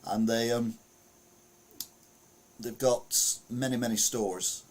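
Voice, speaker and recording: His voice is medium in pitch, darkish and slow, with fairly even intonation. This British host of a casual news podcast reads stories aloud while sharing his screen, rambling, chuckling and muttering asides to himself.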